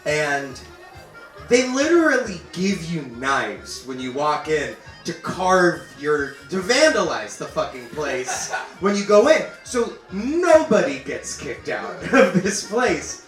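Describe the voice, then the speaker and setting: Lively young man telling a stage story. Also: fairly high pitch, slow pace, far from the mic, soft background music. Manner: animated, laughing through his own story. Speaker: comedian. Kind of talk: live stand-up storytelling. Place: stage in a venue. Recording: roomy live stage recording from afar.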